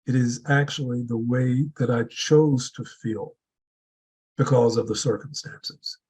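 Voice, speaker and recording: Husky-voiced man giving a motivational speech. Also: medium pitch, steady tone, a little slow, a little mellow, poor audio. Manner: earnest, builds with repeated rhetorical questions. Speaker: speaker at a public speaking club meeting.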